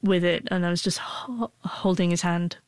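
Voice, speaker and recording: A woman's voice: fairly low pitch, fairly even intonation, normal speed, no echo. Woman in her forties who stutters. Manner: stutters, with frequent broken-off sounds and restarts. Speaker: interview guest. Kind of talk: emotional personal storytelling.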